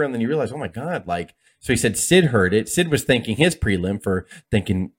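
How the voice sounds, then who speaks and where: Fast-talking man retelling a story. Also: mid-range voice, slightly rough. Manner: fast, animated retelling with acted-out quotes and laughs. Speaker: podcast co-host. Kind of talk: casual storytelling chat.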